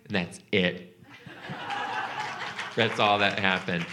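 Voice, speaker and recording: A man doing stand-up crowd work and telling a story, animated, profane and teasing with the audience. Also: lowish voice, normal speed, pauses often, a little hiss or hum. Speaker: comedian and podcast host.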